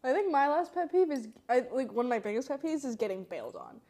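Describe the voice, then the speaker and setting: A woman's voice: sits high, very animated, fast, dark tone. A woman in her twenties co-hosting a podcast, emphatic and opinionated in casual chat. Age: 20s. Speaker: podcast host.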